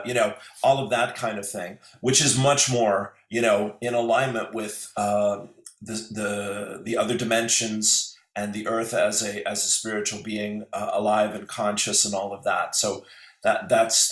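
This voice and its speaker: A man's voice: fairly low pitch, roomy sound. A man speaking as a guest on an online call, rambling and hesitant, with many fillers and restarts. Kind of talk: casual spiritual conversation. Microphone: video call.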